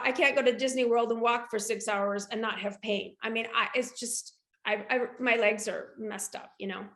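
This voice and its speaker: A woman in her forties tells a personal story in a casual interview. Her voice is high and bright, and she jumps into character voices for the quotes. The room is echoey. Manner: animated, acts out quotes with big pitch jumps. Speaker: guest, shoe boutique owner.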